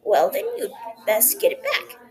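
A woman's voice: a little high, wildly swooping pitch, measured pace, a crowd in the background. A woman voicing a kindly, weathered old woman who talks in a folksy way and calls the boy dearie.

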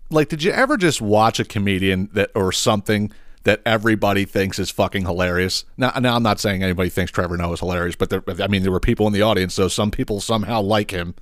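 A man hosting his own podcast in a casual, ranting way. His voice sits low and his delivery is blunt, profane and exasperated. The sound is dry and close, with no room around it. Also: quick pace, a bit bright, no echo. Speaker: podcast host.

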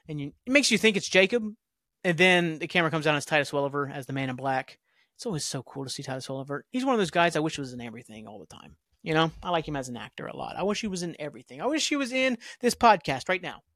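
A man's voice: on the high side, expressive, fast talker, fairly bright tone, no echo, clean studio sound. Rambling man recapping a show. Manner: rambling, offhand asides and shrugs. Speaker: podcast host. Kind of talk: casual episode recap.

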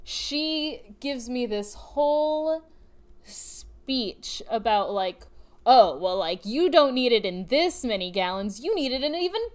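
A woman in her twenties telling an animated, flustered story in a casual chat. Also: a little high, slow pace, smooth. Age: 20s. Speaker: podcast co-host.

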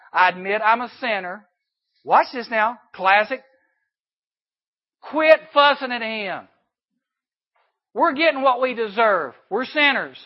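High-voiced man preaching, lo-fi. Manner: animated, emphatic storytelling with sudden drops to a hush. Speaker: youth camp speaker. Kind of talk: sermon.

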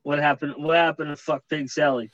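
A man's voice: a little high, steady tone, fairly quick, fairly bright tone, dry recording, lo-fi sound. A man co-hosting a casual music podcast, laid-back and stubborn, swearing as he refuses to play along. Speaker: podcast co-host. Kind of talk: casual music-review banter.

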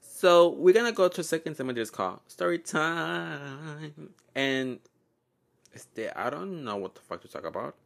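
Young male podcast host, gravelly and animated, rambling and profane, mixes in Spanish. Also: medium pitch, brisk. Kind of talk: casual solo podcast chat. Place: at home.

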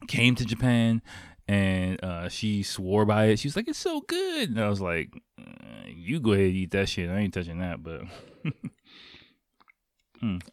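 A man's voice: sits low, unhurried, pauses often, no echo, clean studio sound. A man hosting a casual solo podcast from home, rambling and swearing freely and laughing often. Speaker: podcast host.

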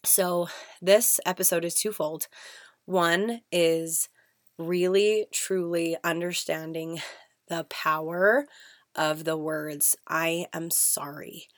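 Hoarse woman host, lowish pitch, dry close sound, heartfelt and emphatic. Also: fairly even intonation, slow, no echo. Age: young adult to middle-aged, a mother of kids. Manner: earnest, emphatic, repeats words for stress. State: hoarse, voice not fully back. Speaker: podcast host. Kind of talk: casual solo podcast talk.

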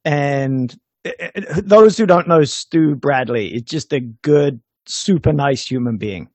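A man's voice: fairly high pitch, slow pace, no room sound. A man co-hosting a podcast, telling a story in casual chat and laughing as he goes. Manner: animated, laughs while telling stories. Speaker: podcast co-host.

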